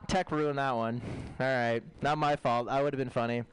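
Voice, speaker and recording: Deadpan man doing stand-up. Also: medium pitch, moderate pace. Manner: deadpan one-liners, rambling asides. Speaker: stand-up comic. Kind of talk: open-mic stand-up set. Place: comedy stage with PA mics.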